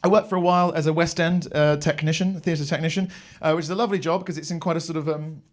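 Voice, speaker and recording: A man's voice: fairly high pitch, fairly even intonation, fast talker. A young English man performing a live stand-up routine on a comedy club stage, telling rambling stories with crude swearing.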